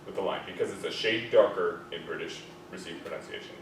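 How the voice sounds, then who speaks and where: A man's voice: sits low, brisk. A man with an American accent teaching a diction class, demonstrating words and correcting students' pronunciation. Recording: echoey classroom, distant mic, background noise.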